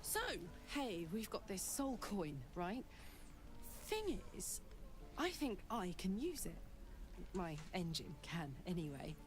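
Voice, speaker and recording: A woman's voice: fairly low pitch, very animated, takes it slowly, music in the background. A woman voicing a brash, fiery female tiefling warrior who is blunt, eager and swears freely.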